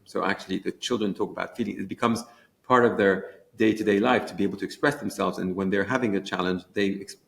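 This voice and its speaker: A man's voice: deep voice, creaky, a bit bright. A man who created a children's feelings program, talking eagerly in a conference interview and restarting his sentences as he goes.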